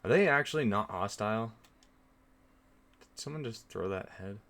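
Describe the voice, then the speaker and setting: A young man with a slightly low, a bit bright voice comments on his own horror-game stream. He rambles casually to viewers at normal speed, sounding expressive and dropping lots of ums and restarts.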